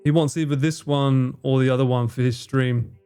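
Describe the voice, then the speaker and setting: A man's voice: mid-range voice, steady tone, moderate pace, dark tone, smooth, faint music behind. A man hosting a live stream in casual chat, reading chat, laughing often and swearing freely. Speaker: livestream host.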